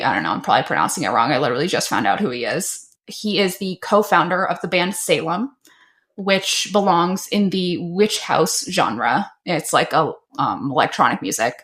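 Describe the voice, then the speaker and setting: Giggly, low-voiced young woman co-host. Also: very animated, moderate pace, a bit bright. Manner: giggly, teasing, laughs often. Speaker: podcast co-host. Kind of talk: casual comedic chat.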